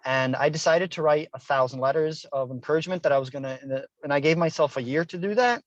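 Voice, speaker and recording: A man's voice: fairly high pitch, quick pace, no room sound. Middle-aged guy telling his story in an interview, earnest, dry dull lo-fi sound. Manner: earnest, personal, acts out quoted dialogue. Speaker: guest author. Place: Hilo, Hawaii.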